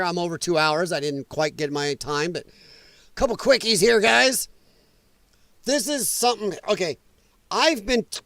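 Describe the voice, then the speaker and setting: A man's voice: high-pitched, a bit bright, clear, resonant tone, no room sound. A man hosting a podcast, ranting about the news in a blunt, angry, profane way. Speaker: podcast host.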